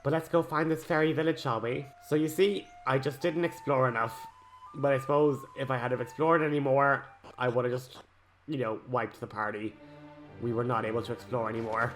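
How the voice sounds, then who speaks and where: Excitable man commenting on a game. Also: mid-range voice, a little fast, faint music behind. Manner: excitable, rambling, jokey. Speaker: let's play host. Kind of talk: gameplay commentary.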